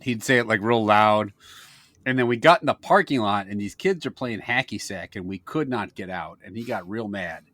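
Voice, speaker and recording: A man's voice: a little fast, no echo, clean studio sound. A man from Wisconsin, co-hosting a casual snack-tasting podcast and telling rambling, crude, comic stories. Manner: rambling storyteller, crude jokes, lively pitch. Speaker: podcast co-host, snack taster. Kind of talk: casual comedic chat.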